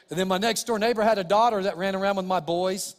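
A middle-aged male pastor preaching in a church sanctuary, his fairly high voice carried by a long hall reverb. He tells funny stories with lively energy, then sinks into soft, hushed tones to press his point home. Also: a little fast. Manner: animated storytelling with humor, dropping to soft quiet tones. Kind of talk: sermon.

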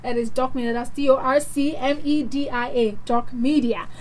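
A woman's voice: high-pitched, steady tone, moderate pace, a little mellow, rough recording. A young Nigerian woman hosting a radio talk show, playful and teasing in casual chat, spelling out social media handles.

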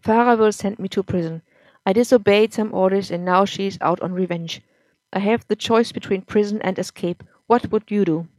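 A woman voicing an angry, drunken adult husband who talks loudly and bitterly in a story reading, recorded dry with no room sound. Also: mid-range voice, normal speed, dry recording, lightly acted. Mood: bitter, insistent. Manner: loud, harsh, bitter. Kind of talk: audiobook-style story reading.

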